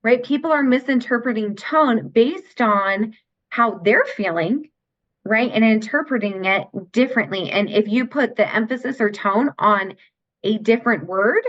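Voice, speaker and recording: A woman's voice: a little high, lively intonation, a little slow. Teacherly woman on a dull lo-fi line. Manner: earnest, explanatory, teacherly. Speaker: guest, teen mindset mentor. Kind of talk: podcast interview conversation. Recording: dull lo-fi sound.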